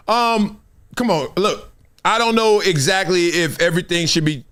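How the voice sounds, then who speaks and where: A man's voice: high voice, normal speed, a bit bright. A man hosting a live sports show, talking in a casual, slangy, joking way and laughing often. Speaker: host.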